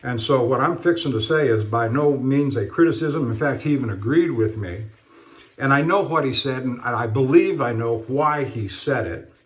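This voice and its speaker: A man talking casually while he shaves, in a halting, rambling way with many fillers and restarts. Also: mid-range voice. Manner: rambling storyteller. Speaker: straight razor shaving vlogger. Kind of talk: casual talk while shaving.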